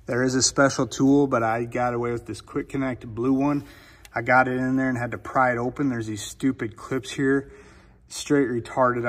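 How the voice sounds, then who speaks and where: A man casually talking through a car part install, excitable and blunt. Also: medium pitch, long reverb tail. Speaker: car vlogger. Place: garage.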